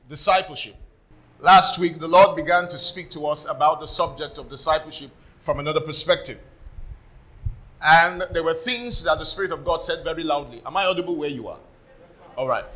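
A man's voice: a little high, sharp tone, rough recording. A man with a Nigerian accent preaching a sermon to a church congregation, emphatic and often calling for responses. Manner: emphatic preaching with rising intensity. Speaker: pastor. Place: church service.

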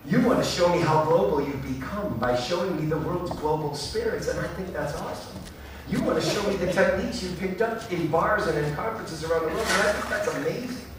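A man's voice: a little fast, distant mic, background noise. Passionate man in an echoey hall. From Norway. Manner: passionate, emphatic, swings from low asides to loud outbursts. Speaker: speaker at a bar show. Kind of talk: stage talk to bartenders. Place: large hall at a trade show. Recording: echoey hall, speaker away from mic.

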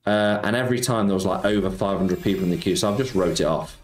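A man's voice: low-pitched, fast. A man hosting a casual slots live stream, chatting with viewers and reading out their messages. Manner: chatty, reads chat aloud and answers viewers, says mate a lot. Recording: roomy echo with music behind.

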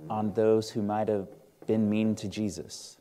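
A man's voice: fairly low pitch, level tone, measured pace, warm tone, slight background noise. A male pastor preaching a sermon in a church, earnest and conversational, asking the congregation questions. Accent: Midwestern American. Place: church sanctuary.

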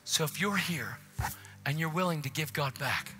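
A man preaching a passionate sermon in a church, often dropping into hushed whispers. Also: a little high, normal speed, faint music behind. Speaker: guest preacher. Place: church, faint music behind.

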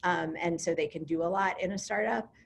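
A woman's voice: on the low side, fairly quick, gravelly, a little hiss or hum. A woman directing a program, speaking in a casual, upbeat way with frequent ums during an online information session.

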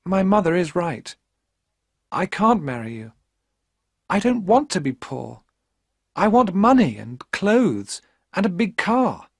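A man's voice: sits high, very animated, slow pace, creaky, pauses often, husky, dry recording, studio quality, voice pushed up, exaggerated voice. A man voicing a sad young woman who chooses money over love, in a storybook reading. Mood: regretful. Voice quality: sad, regretful voice.

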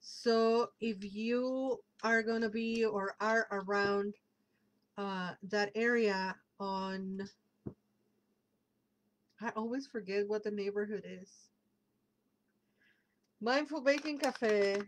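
A woman hosting a casual livestream, chatting warmly and reading out viewer comments as they come in. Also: mid-range voice, fairly even intonation, slow pace, pauses often, slight background noise, low-quality recording. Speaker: livestream host and tarot reader.

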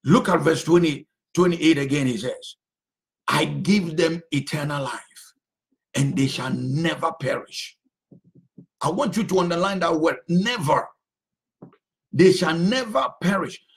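A male pastor preaching a sermon, drawing out phrases and repeating them for emphasis. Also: high voice.

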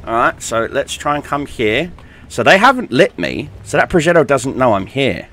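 With a sing-song delivery at normal speed, a young British gaming YouTuber chats and jokes through gameplay, using lots of ums and uhs. His medium-pitched voice sounds bright and forceful.

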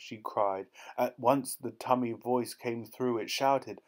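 A man reads rhyming children's poems aloud as an audiobook narrator. His delivery is rhythmic and expressive, at a middle pitch. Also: unhurried, hardly any pauses.

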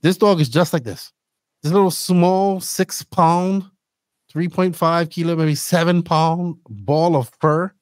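A middle-aged podcast host rambles through his stories in a lively, casual way. His voice sits a little higher than most men's. The sound is dry and close, with no room around it. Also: takes it slowly, no room sound. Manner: rambling, animated storytelling with laughs. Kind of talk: casual chat.

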